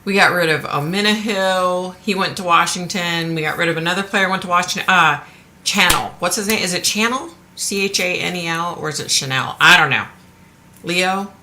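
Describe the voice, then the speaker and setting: Frank, chatty woman with a bright voice. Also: on the low side, brisk, slight background noise. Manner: chatty, frank, swears casually. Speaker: livestream host. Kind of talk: casual live chat with viewers. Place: at home.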